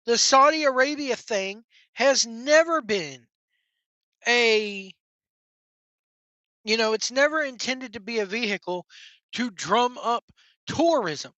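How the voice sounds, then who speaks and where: A wrestling vlogger vents his opinions in a blunt, sarcastic way, swearing casually. His voice is bright and forceful. The recording sounds dry and a little dull. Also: medium pitch, expressive, takes it slowly, pauses often, no echo.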